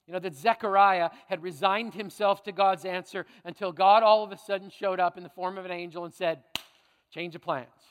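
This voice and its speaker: A man with a notably high voice preaches in a casual, conversational way, dropping playful asides and checking in with his listeners. His words ring out with the long reverb of a large church sanctuary. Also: fairly even intonation, brisk, few pauses, clear, resonant tone. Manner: conversational, frequent tag questions, playful asides. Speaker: pastor. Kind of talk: sermon.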